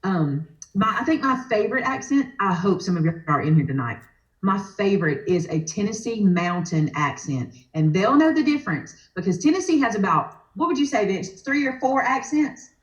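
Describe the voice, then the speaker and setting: A woman's voice: mid-range voice, lively intonation, moderate pace, reverberant, muffled recording. A woman, chatting enthusiastically on a casual livestream and laughing easily. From Alabama. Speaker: guest.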